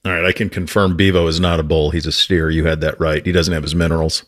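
A man's voice: a bass voice, level tone, fast talker. A man hosting a sports radio show, chatting in an easygoing, teasing way with his guest. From Montana. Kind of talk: casual sports talk.

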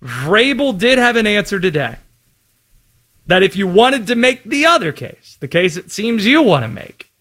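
A man co-hosting a sports talk show, making his case in a measured, argumentative way. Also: high-pitched, sing-song, a bit bright. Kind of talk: casual sports debate.

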